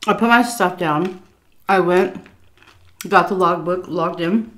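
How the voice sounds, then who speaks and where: A woman telling a casual story at her dinner table at home, chatty and full of "like" and "um", pausing now and then to eat. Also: lowish voice, a little hiss or hum. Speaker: YouTuber telling a story while eating. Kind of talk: casual storytelling over a meal.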